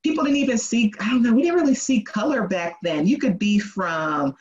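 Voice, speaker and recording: A lawyer as a podcast guest, telling lively stories and acting out what people said. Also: medium pitch, a little fast. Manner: animated storytelling, acts out quoted voices, laughs often. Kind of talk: casual interview. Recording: dull, muffled sound.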